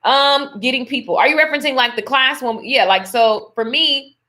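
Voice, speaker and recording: At a normal pace, a live-stream motivational speaker talks casually yet forcefully, dropping terms of affection like darling and honey. She has a bright, clear, high voice and keeps a sermon-like, church-tinged tone from start to finish.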